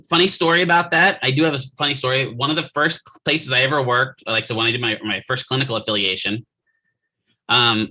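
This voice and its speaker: Speaking from his office in a medium-pitched, sharp-toned voice, a man teaches a physical therapy class, mixing in anecdotes and jokes. He keeps checking in with rhetorical questions, and the recording is rough.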